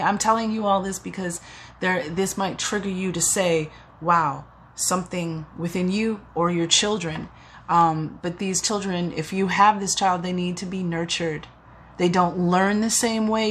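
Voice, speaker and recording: A woman's voice: on the low side, a little hiss or hum. A woman giving a spiritual oracle reading in an earnest, rambling way, often restarting and getting emotional. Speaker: tarot reader.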